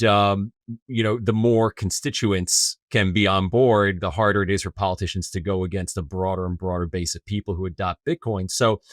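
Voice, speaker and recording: A man's voice: lowish voice, no echo, studio quality. A man co-hosting an interview, asking long, friendly, enthusiastic questions. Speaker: co-host interviewer. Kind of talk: casual interview conversation.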